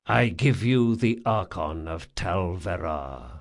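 A hulking, loyal thief, voiced by a male narrator in an audiobook. He speaks low, slow and quiet. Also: big pitch swings, gravelly, husky, exaggerated voice. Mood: cold.

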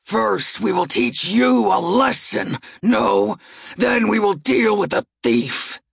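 Gravelly gnoll brute, put on by a woman, slow, growling, menacing, dry sound. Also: medium pitch, lively intonation, no room sound, full character voice. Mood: taunting. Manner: menacing, taunting with tag questions. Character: hulking angry male gnoll brute. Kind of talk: audiobook character voice.

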